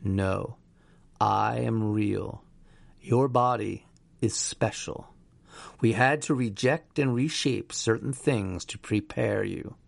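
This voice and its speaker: A man's voice: on the low side, slow, creaky, no echo, full character voice. Man doing a buzzing inner creature voice. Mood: cold. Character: buzzing parasitic voice inside a man's head.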